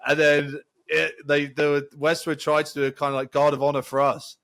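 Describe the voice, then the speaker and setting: A man co-hosting a football podcast, telling a long story in a rambling, animated way. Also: a little high, a little fast. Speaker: podcast co-host. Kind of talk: casual storytelling chat.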